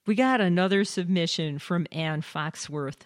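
A woman's voice: on the low side, a little slow, dry recording, studio quality. A woman co-hosting a show, telling stories and reading listener submissions in a matter-of-fact way. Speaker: co-host.

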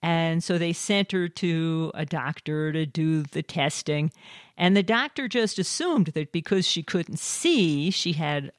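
A woman's voice: sits low, expressive, unhurried, no room sound, clean studio sound. A woman co-hosting a show, telling stories and reading listener submissions in a matter-of-fact way. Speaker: co-host.

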